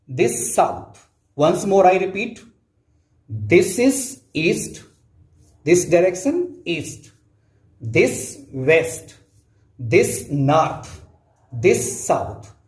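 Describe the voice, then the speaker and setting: A man with an Indian English accent, teaching an English lesson slowly and patiently, repeating points for his students. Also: a little high. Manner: slow, repetitive explaining, addresses students directly. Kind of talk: classroom lecture explaining a text. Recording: roomy echo.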